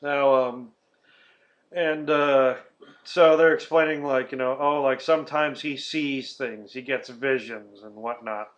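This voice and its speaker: A man's voice: mid-range voice, steady tone, unhurried. A man hosting a casual podcast about a movie, rambling through the plot with lots of fillers, swearing and laughing. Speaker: podcast host. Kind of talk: casual movie-review chat. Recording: dull lo-fi podcast audio.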